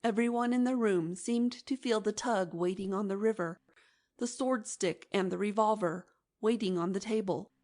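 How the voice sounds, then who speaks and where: A woman narrating a classic novel as an audiobook in a measured, expressive reading. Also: medium pitch. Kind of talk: scripted narration.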